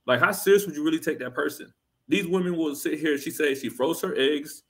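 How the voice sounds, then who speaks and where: A man's voice: on the high side, fairly quick. A man hosting a reaction channel, giving blunt, critical commentary full of repetition and rhetorical questions.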